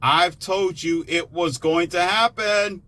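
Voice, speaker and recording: A man in a sarcastic, animated ranting monologue, now and then jumping into mocking high-pitched impressions. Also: slow. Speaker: commentator.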